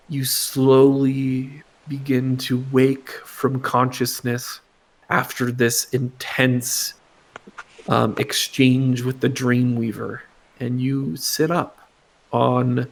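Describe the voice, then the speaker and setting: A man running a tabletop game as game master, narrating slowly with frequent pauses and fillers. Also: medium pitch, creaky. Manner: slow, halting narration with fillers.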